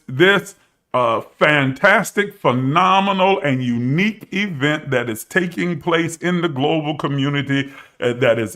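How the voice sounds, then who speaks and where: Man, middle-aged, live-stream host, bright ringing voice, preacherly emphasis. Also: a little high. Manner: preacherly, drawn-out emphasis, rising to exclaim. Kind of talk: live-stream talk to online viewers.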